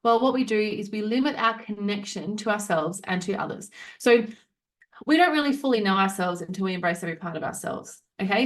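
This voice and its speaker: A young adult woman hosting a solo motivational podcast, talking frankly and swearing freely as she acts out the voices in people's heads. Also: medium pitch. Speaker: podcast host.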